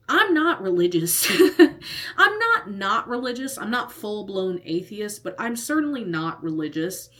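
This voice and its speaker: A young woman telling a personal story in a casual storytime vlog, lively and often laughing. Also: mid-range voice. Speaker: vlogger.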